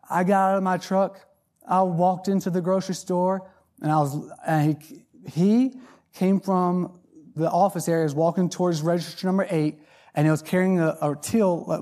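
Brief: male lay preacher, fairly high mellow voice, folksy storytelling sermon, stumbles on repeated words. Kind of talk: sermon testimony.

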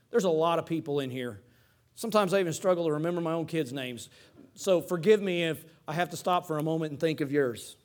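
High-voiced preacher with dramatic hushes. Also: male voice. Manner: dynamic, swings between loud emphatic and hushed tones; repeats key phrases, stumbles and restarts. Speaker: pastor. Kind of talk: sermon.

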